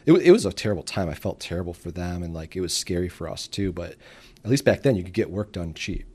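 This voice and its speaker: A man from the Detroit suburbs talks in a low voice as a guest on a casual interview show. He tells his stories with energy, and he briefly acts out the voices of the people he describes. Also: quick pace, husky. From Detroit suburbs, Michigan. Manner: animated storyteller who acts out quoted voices. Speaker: guest entrepreneur.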